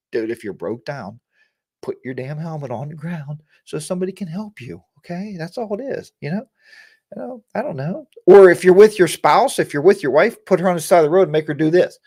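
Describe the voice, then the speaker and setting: A man's voice: a little high, darkish tone, dry recording, clean studio sound. A man hosting a casual motorcycle live chat, getting worked up and ranting while answering viewers by name. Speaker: live chat show host.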